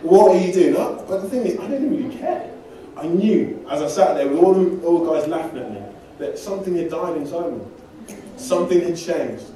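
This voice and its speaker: A man's voice: on the high side, expressive, brisk, dark tone, a little hiss or hum. Man preaching in an echoey church. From England. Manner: conversational storytelling with self-deprecating humor. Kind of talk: sermon. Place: church hall. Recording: distant mic in an echoey church hall.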